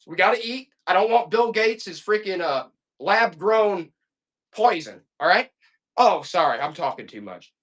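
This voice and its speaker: A man's voice: high-pitched, sing-song, a little slow, fairly bright tone. Fired-up, rambling male stream seller. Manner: folksy, calls listeners "boy". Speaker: live auction seller. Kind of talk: casual live-selling stream chat.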